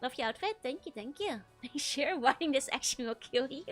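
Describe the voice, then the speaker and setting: A woman's voice: high voice, expressive, fairly quick, fairly bright tone, soft background music. A young woman, chatting casually with her stream chat, giggling often and restarting her sentences. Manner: giggly, laughs often between phrases; stammering restarts. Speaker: VTuber streamer.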